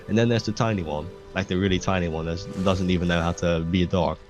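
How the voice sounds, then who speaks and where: A man's voice: low voice, flat delivery, fast, hardly any pauses. A young man chatting casually over gameplay, rambling with lots of restarts and swearing freely. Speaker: gaming video host. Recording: music playing clearly behind voice. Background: game music.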